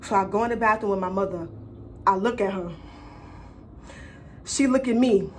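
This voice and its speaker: A young woman vlogger telling a personal story in a casual, animated, profane and slangy way. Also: medium pitch, moderate pace, slight background noise.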